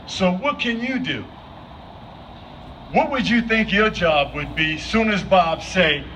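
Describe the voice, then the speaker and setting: A man's voice: sits high, animated, takes it slowly, long pauses, pushed and bright, far from the mic. A man giving an unscripted speech at an outdoor vigil, asking the crowd questions again and again. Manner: asks the crowd repeated questions. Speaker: speaker at a vigil. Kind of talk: impromptu public speech. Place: outdoor gathering. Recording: dull lo-fi with faint noise.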